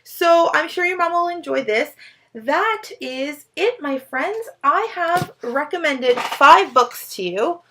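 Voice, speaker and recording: A chatty, enthusiastic woman talks through her book picks, speaking in a slightly high voice. She gets tangled up on names now and then and laughs it off. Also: fairly bright tone. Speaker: book vlogger. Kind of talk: casual book recommendations.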